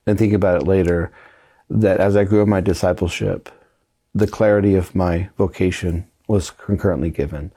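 A priest speaks as an interview guest in an earnest, reflective way. His voice is low, dark and husky. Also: steady tone, brisk. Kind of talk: interview conversation.

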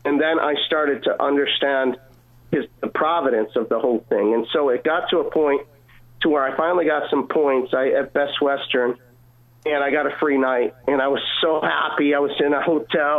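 A man earnestly telling a personal faith story as a caller, heard over a phone line. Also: fairly high pitch. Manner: earnest, emotional retelling with quoted dialogue. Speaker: caller sharing testimony. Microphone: phone call.

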